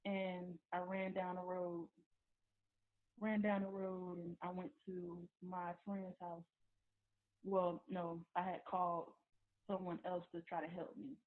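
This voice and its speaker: A young woman giving a personal testimony, talking haltingly with many fillers and repeated words. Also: lowish voice. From southeastern US. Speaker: testimony giver. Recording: tinny phone-like audio.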